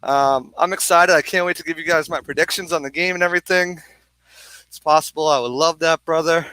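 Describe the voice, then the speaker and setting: A man co-hosting a live sports watch-party stream outdoors on a bar deck, excitedly reading viewer comments and a little out of breath. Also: a little high, a little fast, smooth, low-quality recording. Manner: hyped, energetic, reads viewer comments aloud.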